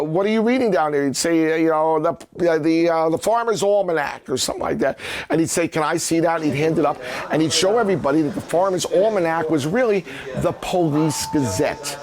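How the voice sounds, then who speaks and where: A middle-aged man casually telling rambling stories and acting out the lines people said in lively voices. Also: on the high side, fairly quick. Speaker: prop collector recounting memories. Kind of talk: casual storytelling.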